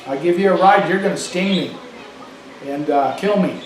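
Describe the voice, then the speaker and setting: A man's voice: high-pitched, moderate pace, slight background noise, lightly acted. A man voicing a wary fable frog. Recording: echoey room, distant mic.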